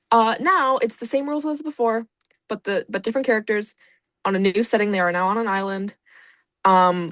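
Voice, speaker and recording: A woman's voice: mid-range voice, no echo. A woman casually explaining in a vlog, rambling and sarcastic and swearing freely. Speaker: video creator.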